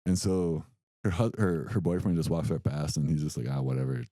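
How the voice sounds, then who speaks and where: A young podcast co-host with a deep voice tells an animated story at a fairly quick pace, acting out each quote as he chats casually. The recording is dry.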